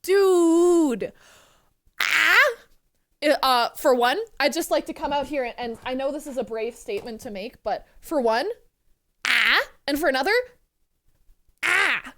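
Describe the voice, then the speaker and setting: A young woman in her twenties streaming live, excitedly thanking donors, swearing and fighting back tears. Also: high-pitched, fast talker, hardly any pauses. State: close to tears. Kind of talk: casual live-stream chat.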